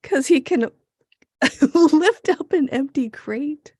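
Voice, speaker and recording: A woman co-hosting a podcast in a loose, sarcastic chat, laughing and swearing as she goes. Her voice sits fairly high and swings widely in pitch. She talks at an unhurried, drawn-out pace with a gravelly fry, heard close and dry. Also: lively intonation, darkish tone, no echo. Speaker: podcast co-host. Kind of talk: casual chat recapping a TV episode.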